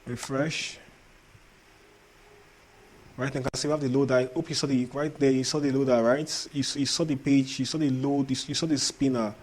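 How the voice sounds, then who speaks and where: A man's voice: medium pitch, steady tone, fairly quick, a little mellow. A man with an accent, teaching a coding tutorial while sharing his screen. He repeats himself and keeps asking if viewers understand. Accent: non-native English accent. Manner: repetitive, checks in often with "understand?". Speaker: coding instructor.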